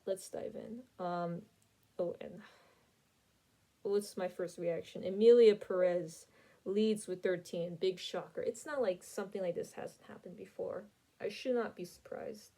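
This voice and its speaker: Chatty woman with a mellow voice. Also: mid-range voice, rough recording. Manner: chatty, opinionated, self-correcting. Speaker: podcast host. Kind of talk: casual reaction monologue.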